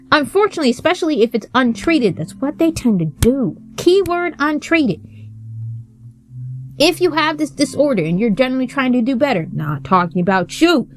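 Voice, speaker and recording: Woman host, casual commentary, profane and heated, animated delivery, faint guitar music behind. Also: sits high, normal speed.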